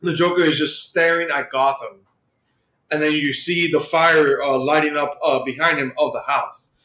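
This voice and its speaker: Man, podcast co-host, rambling casual storytelling, lots of fillers, slightly high voice, echoey room. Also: steady tone, moderate pace, pushed and bright. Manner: rambling retelling full of "like" and "uh". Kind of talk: casual chat, recapping a comic plot.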